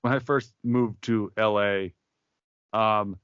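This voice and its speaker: Male comedian co-host, rambling storyteller, mid-pitched, dry and muffled podcast sound. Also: fairly even intonation, takes it slowly, a bit bright, clear, resonant tone, no room sound. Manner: rambling anecdotes with restarts and acted-out quotes. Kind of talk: casual podcast banter.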